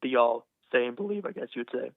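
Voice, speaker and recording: A man's voice: mid-range voice, expressive, fast, creaky, dry recording. A young man calls in over a thin, tinny phone line. He speaks earnestly, tripping over and repeating his words, and his voice sits dry and close. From Texas. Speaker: caller. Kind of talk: phone-in conversation.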